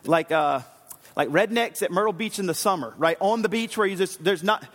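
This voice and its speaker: A pastor preaching a sermon in a casual, rambling way, with fillers and self-corrections. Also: male voice, high voice, animated, fairly quick, fairly bright tone. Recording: long hall reverb.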